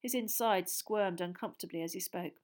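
A woman's voice: lowish voice, a little fast, a little mellow. Woman narrating a story. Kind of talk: audiobook narration.

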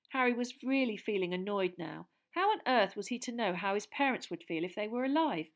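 A woman's voice: medium pitch, animated, brisk, hardly any pauses. Woman narrating a story. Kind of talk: audiobook narration.

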